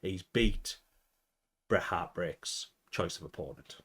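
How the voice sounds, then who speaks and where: A man's voice: low-pitched, takes it slowly, a bit bright, slightly rough. Rambling man commentating a game. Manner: rambling, chatty, thinks aloud with fillers. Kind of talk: casual gameplay commentary.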